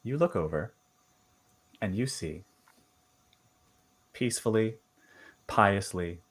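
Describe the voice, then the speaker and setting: Dude gm narrating a horror tabletop game, lowish voice, lots of um and like. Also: male voice, expressive, husky. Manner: halting, lots of fillers and restarts. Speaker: game master.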